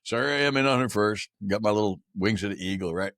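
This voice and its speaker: A man's voice: fairly low pitch, fairly quick, a bit bright, no room sound, clean studio sound. A man in his sixties telling stories as a podcast guest, in a blunt, profane, slangy way, calling people "man" and "dude". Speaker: podcast guest, military veteran. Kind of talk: casual storytelling in a podcast interview.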